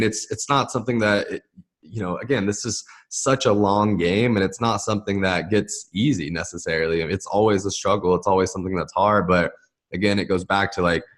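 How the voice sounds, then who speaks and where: A male host with a very deep voice. He talks loosely and casually, restarting his sentences as he works through a thought. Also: fairly quick. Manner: relaxed, rambling, many fillers and restarts. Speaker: podcast host, nutrition coach. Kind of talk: casual interview chat.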